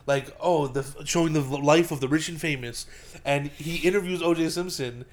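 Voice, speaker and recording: A young man in casual chat, telling stories in a rambling, crude, animated way. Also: a little high, fairly quick.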